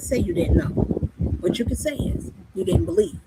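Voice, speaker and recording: A woman delivers an impassioned sermon full of rhetorical questions. Her gravelly voice rises and falls widely as she presses her points. A loud background noise runs under her the whole time. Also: fairly high pitch, sing-song, moderate pace. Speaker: spiritual speaker. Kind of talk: preaching monologue.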